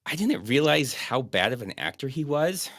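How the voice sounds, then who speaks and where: Lively, bright-voiced man riffing on a movie. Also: mid-range voice, normal speed, no echo, clean studio sound. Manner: joking, rambling, laughs often. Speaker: podcast co-host. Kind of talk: casual movie commentary chat.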